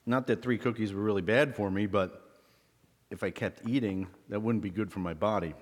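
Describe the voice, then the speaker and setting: A man's voice: lowish voice, moderate pace, big-room sound. A man giving a children's object lesson, quizzing the kids in a friendly, teacherly way.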